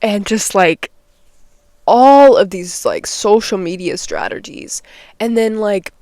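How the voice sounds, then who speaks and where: A woman's voice: mid-range voice, slow, darkish tone, no echo. A young woman vlogging straight to the camera from a small nook at home, ranting in a heated, rambling way and swearing often. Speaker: vlogger and artist. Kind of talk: unscripted morning vlog rant.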